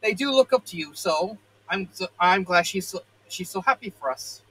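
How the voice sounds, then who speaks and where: Brief: man voicing a prim, elegant pony lady; light and bright voice. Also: high-pitched, expressive, moderate pace, husky, full character voice, low-quality recording. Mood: poised. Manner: poised, proper and gently scolding. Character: refined elegant adult mare, fashion-minded unicorn.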